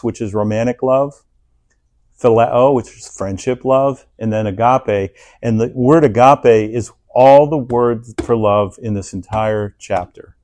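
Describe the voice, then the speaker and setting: A man preaching a sermon in a conversational, animated way, leading the congregation in reading aloud and acting out people's inner thoughts. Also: medium pitch.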